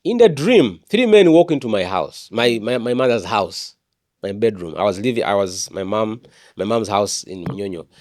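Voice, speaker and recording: A man's voice: on the low side, animated, normal speed, darkish tone, no room sound, clean studio sound. A man, an evangelist telling his personal testimony in an interview, earnest and often repeating words and restarting.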